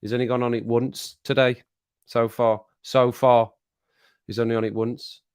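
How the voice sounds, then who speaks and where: A man's voice: medium pitch, flat delivery, normal speed, smooth. A middle-aged man hosting a casual live stream, teasing viewers, laughing often and repeating his phrases as he reads the chat. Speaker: livestream host reading chat.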